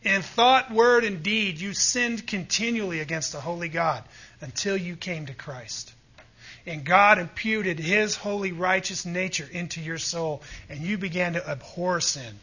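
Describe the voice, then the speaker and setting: With a high, bright voice and a forceful tone, a preacher delivers an emphatic sermon that climbs to fervent heights. He keeps calling out "Amen?" to draw agreement from the audience. The audio sounds dull.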